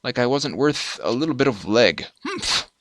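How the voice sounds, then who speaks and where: A man's voice: medium pitch, animated, normal speed, noisy background, close to an everyday voice. A man voicing a lonely, vain female giant spider in a game, whiny and huffy. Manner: whiny, self-pitying, huffy.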